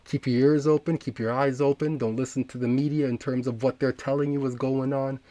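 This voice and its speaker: A man hosts a crypto talk in a relaxed, mellow voice. He explains things steadily and methodically, working through lists one item at a time. The sound is dry and close. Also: mid-range voice, fairly quick, no echo. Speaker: crypto channel host.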